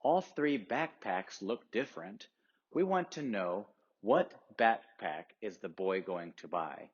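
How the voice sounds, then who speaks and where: Male English teacher walking students through exercises, husky voice, slow pace, dull lo-fi recording. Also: on the low side, lively intonation. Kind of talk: classroom instruction.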